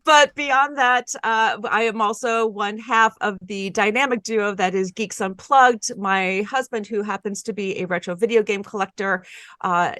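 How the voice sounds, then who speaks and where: A woman's voice: medium pitch, unhurried, bright, forceful tone, no room sound. A woman casually introducing herself on a podcast, rambling and laughing at herself. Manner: rambling, self-deprecating, laughing often. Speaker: podcast guest player.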